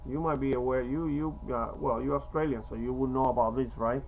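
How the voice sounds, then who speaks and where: A man in his fifties from Cuba with a slight Cuban Spanish accent, talking in a rambling, halting way with many fillers and restarts. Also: medium pitch, steady tone, creaky, darkish tone, slight background noise, poor audio. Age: 50s. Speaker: vlogger. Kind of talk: rambling casual monologue.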